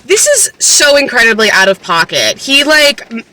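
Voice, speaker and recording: Chatty young woman with a bright voice. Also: a little high, expressive, moderate pace. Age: 20s. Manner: chatty, filler-heavy, incredulous, swears freely. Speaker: book vlogger. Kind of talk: casual book recap commentary.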